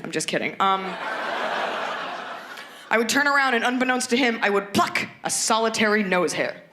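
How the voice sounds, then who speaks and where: A woman in her thirties doing a brash, profane stand-up comedy routine on stage, dropping into shrill acted voices. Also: expressive, a little fast, fairly bright tone.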